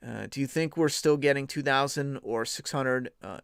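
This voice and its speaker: A man's voice: mid-range voice, normal speed, gravelly, a bit bright, clean tone, no room sound, clean studio sound. A man hosting a casual stream, talking bluntly and profanely in a rambling way. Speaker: podcast host. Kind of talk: casual live-stream chat.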